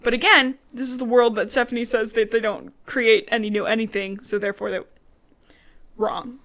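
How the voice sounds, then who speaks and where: Chatty young woman co-host, fairly high. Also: level tone, normal speed, a bit bright. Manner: chatty, swears freely, acts out characters' lines. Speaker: podcast co-host. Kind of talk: casual book recap chat.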